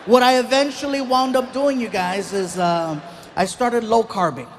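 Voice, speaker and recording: Stand-up comedian, high-voiced man, animated storyteller, live stage. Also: moderate pace, slight background noise.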